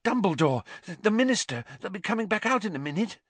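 A man's voice: sits high, sing-song, fast, a bit bright, slightly rough, no echo, voice pushed up, heavily acted. A man voicing an anxious, bossy teenage girl witch in an audiobook, urgent and breathless. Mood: panicked.

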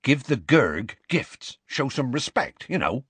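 A man voicing Hagrid, a big gruff half-giant who tells the story in rough, homely speech. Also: medium pitch, sing-song, a bit bright, no echo, pitched above the performer's own voice, heavily acted. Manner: rough colloquial grammar, slow homely storytelling.

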